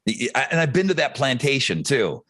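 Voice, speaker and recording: A man co-hosting a podcast, chatting casually about movies in an opinionated, animated way, swearing for emphasis. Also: mid-range voice, a little fast. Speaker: podcast co-host.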